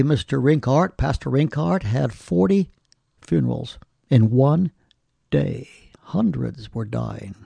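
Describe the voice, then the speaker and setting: A man preaching a sermon, telling stories and quoting scripture in a slow, deliberate way. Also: mid-range voice, mellow, dry recording. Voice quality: gravelly. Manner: slow, deliberate delivery with scripture quoted in old English.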